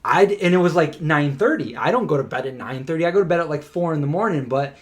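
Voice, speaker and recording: Brief: male co-host, slightly higher voice, animated casual storyteller, loose and chatty. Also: quick pace. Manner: animated, chatty, many "like" fillers. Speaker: co-host of a live Q&A stream.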